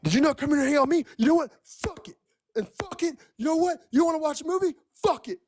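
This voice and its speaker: A volatile ex-boyfriend yelling and cursing, as a woman mimics him in a story. The voice jumps up high and loud. Demanding and quick to blow up. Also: expressive. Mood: angry ranting. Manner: shouting, swearing, demanding. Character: angry volatile ex-boyfriend, adult man.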